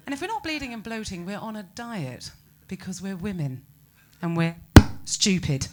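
Animated British woman doing stand-up. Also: mid-range voice, moderate pace, few pauses, noisy background. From Britain. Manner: animated, incredulous, rants with rising exclamations. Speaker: stand-up comedian. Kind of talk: stand-up comedy set.

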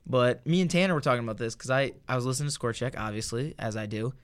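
A man's voice: mid-range voice, quick pace. A young man co-hosting a casual sports podcast, chatting loosely and drifting into tangents. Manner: rambling, goes off on tangents. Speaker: podcast co-host.

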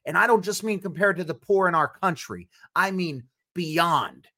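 A man's voice: sits high, normal speed, bright, forceful tone. Frank, earnest man with a raised voice. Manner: frank, earnest, talks openly about himself. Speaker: podcast host. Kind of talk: casual podcast chat.

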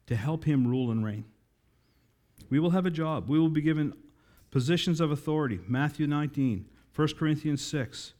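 In a fairly high, slightly mellow voice, a pastor delivers a sermon that climbs toward rousing, emphatic peaks. He talks straight to his congregation with asides along the way.

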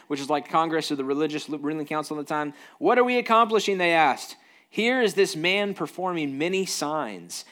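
A man preaching a relaxed, conversational sermon at a medium pitch. He mixes scripture reading with quick, animated asides and plain-spoken explanations. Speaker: pastor.

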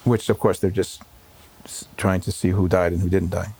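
A rabbi with a lowish, gravelly man's voice tells his story slowly and haltingly, full of fillers, restarts and pauses. It is a personal recollection in a home interview, quiet and reflective. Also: flat delivery.

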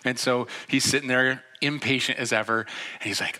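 A man preaching a sermon to a church audience, telling a story in a relaxed, chatty way and acting out the people in it. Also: mid-range voice, moderate pace. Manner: conversational storytelling with laughs and acted-out quotes. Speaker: pastor. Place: church before a live audience.

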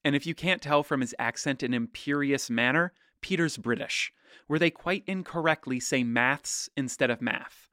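A man hosting a podcast in scripted narration, loud and brash with a playful, teasing manner. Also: medium pitch, normal speed, dry recording, studio quality. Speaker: podcast host.

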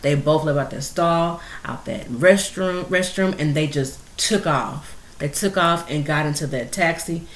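A woman hosts a casual podcast, talking with open emotion and animated energy as she tells a story. Her voice sits a bit low for a woman. The recording has a roomy echo around it. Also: unhurried, hardly any pauses. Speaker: podcast host.

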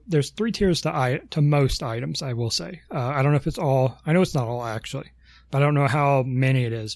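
A man's voice: on the high side, a little mellow, dry recording. A man co-hosting a casual podcast, rambling through long explanations with lots of ums and self-corrections. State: has the hiccups. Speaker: podcast co-host.

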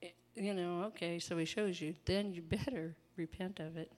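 An older woman with a somewhat low voice delivers a relaxed sermon. She talks in a homey, conversational way, full of asides and easy laughter. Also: normal speed. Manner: chatty, laughing, folksy asides. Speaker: preacher. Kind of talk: informal sermon.

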